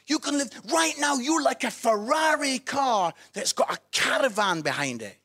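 A man preaching a sermon, telling a funny story in an animated, playful way and laughing at his own jokes. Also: very high-pitched, normal speed.

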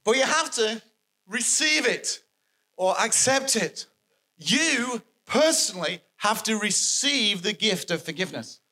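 A man preaching a sermon, animated and emphatic, repeating his key phrases for effect. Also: high-pitched, unhurried.

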